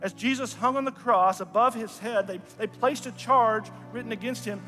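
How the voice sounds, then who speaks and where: A man preaching a sermon in a church, retelling scripture with dramatic, earnest storytelling that drops softly in volume. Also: extremely high pitch, normal speed, hardly any pauses. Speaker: pastor. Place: church sanctuary. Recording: long hall reverb with faint music. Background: faint music.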